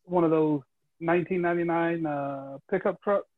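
A man's voice: fairly high pitch, steady tone, moderate pace, no room sound. A man telling a rambling, easygoing story in casual chat, with lots of fillers. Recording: dry, dull close mic.

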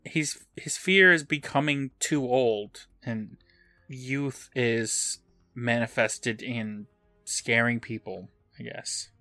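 A man's voice: medium pitch, takes it slowly, sharp tone, no room sound, soft background music. A man co-hosting a podcast, casually recapping an episode with laughs and acted-out quotes. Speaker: podcast co-host.

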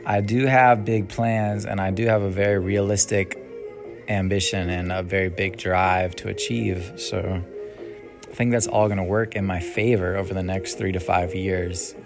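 A man's voice: low-pitched, flat delivery, normal speed. A young man hosting his own solo podcast, musing casually and trailing off with frequent ums and sighs. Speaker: podcast host. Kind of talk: rambling solo podcast monologue. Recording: music playing behind the voice.

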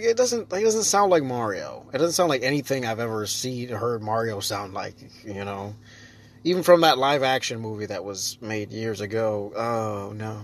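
A young adult man chatting casually on his own, rambling with lots of fillers and restarts. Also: fairly high pitch. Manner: rambling, self-correcting, frequent fillers. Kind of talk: casual solo chat.

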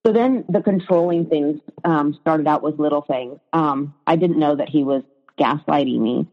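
A woman's voice: low voice, moderate pace. Hesitant woman on a reverberant, dull line. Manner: hesitant, with frequent fillers and restarts. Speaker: guest sharing her story. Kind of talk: personal storytelling in a conversation.

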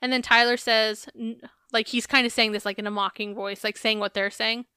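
Woman, podcast co-host, chatty recap, dry close sound, smooth clear voice. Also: fairly high pitch, little pitch movement, brisk, bright, forceful tone, no room sound. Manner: chatty, profane, laughs while recapping. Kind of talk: casual recap chat.

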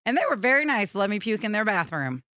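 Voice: medium pitch, sing-song, fast talker, sharp tone, no room sound, studio quality. A co-host of a comedy radio show, reading listener reviews and telling stories in playful, casual banter.

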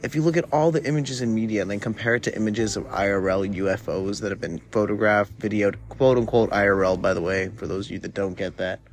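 Young man, low-pitched voice, stoned and rambling, casual solo podcast, faint music behind. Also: fairly even intonation, fast talker, few pauses. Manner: rambling and laid-back, heavy on filler words. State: high from smoking weed. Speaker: podcast host.

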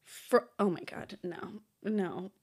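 A young woman vlogging alone through a quiz, chatting casually to viewers, thinking out loud, stumbling over hard words and often breaking into giggles. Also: medium pitch, slow, husky. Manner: giggly, bursts into loud laughter. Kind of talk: casual chat to camera.

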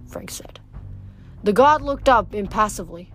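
A woman reading a novel aloud in a steady, even way. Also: mid-range voice, unhurried, soft background music. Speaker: audiobook reader.

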